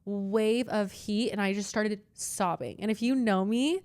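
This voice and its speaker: A woman's voice: medium pitch, measured pace, darkish tone. A young woman hosting a podcast, telling a personal story in an earnest, emotional way. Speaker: podcast host. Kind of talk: candid personal chat.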